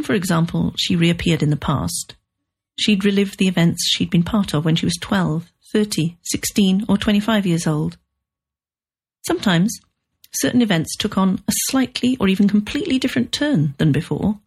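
A woman reading a novel aloud in measured, even audiobook narration. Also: on the low side, gravelly, husky.

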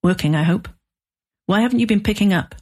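A woman voicing a pushy male literary agent who sounds shrill, pleading and wound up. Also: a little fast, darkish tone, husky, natural voice. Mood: agitated.

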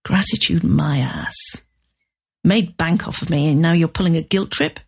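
A hoarse, surly male novelist who smokes too much, flat and curt in his replies, as a woman narrator puts him on. The voice sits low and husky, and it stays dry and dismissive. This is audiobook storytelling. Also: normal speed. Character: hostile, weary male novelist, a heavy smoker.

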